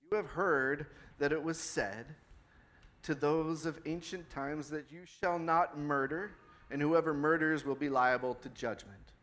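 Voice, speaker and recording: This middle-aged pastor speaks at a measured pace, his pitch fairly high and his tone fairly bright. Standing before a church congregation, he delivers his sermon like a conversation and asks the listeners questions.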